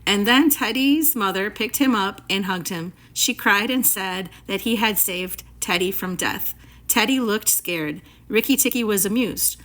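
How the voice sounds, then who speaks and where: A woman reading a classic story aloud for students in a clear, expressive, measured way. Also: mid-range voice.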